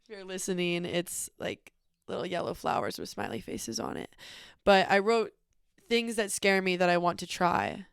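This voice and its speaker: A woman's voice: fairly low pitch, normal speed, gravelly, clear, resonant tone, dry recording, clean studio sound. A young woman telling a personal travel story in a casual, chatty way, full of fillers. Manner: chatty, many "like" fillers, animated retelling. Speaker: podcast host.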